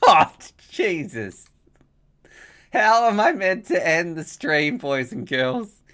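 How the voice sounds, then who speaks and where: A man with a high, slightly bright voice speaks slowly with wide swings in pitch. He's hosting a live stream, chatting casually and rambling, laughing a lot and sounding grateful as he reads out donations and messages.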